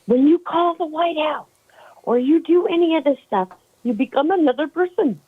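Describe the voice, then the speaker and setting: A woman co-hosting a casual live talk show, chatty and quick to laugh as she tells stories. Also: high-pitched, phone-quality sound. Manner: chatty, laughing, animated storytelling. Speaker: co-host.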